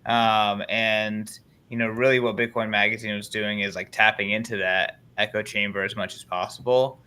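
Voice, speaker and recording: A man's voice: fairly low pitch, little pitch movement, moderate pace, pushed and bright, clean tone. A man chatting on a panel about his work, thoughtful and searching for words. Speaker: panel guest. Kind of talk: casual panel chat.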